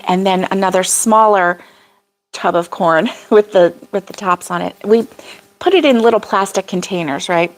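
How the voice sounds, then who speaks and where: An older woman hosting a casual crochet livestream, rambling about her week with frequent laughs and reading viewer comments aloud. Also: mid-range voice. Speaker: crochet vlog host.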